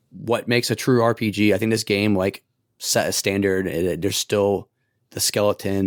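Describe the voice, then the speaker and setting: A man with a raspy voice hosting a podcast in casual chat, laid-back and chatty. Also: lowish voice, no echo, clean studio sound. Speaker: podcast host.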